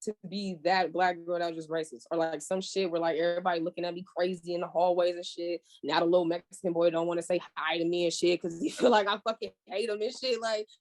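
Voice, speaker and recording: A woman's voice: lowish voice, quick pace, few pauses. A young woman from California, a podcast guest, telling her story in casual chat, swearing freely and acting out what she said back then. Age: young adult. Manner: animated storyteller, swears freely, acts out her own past remarks.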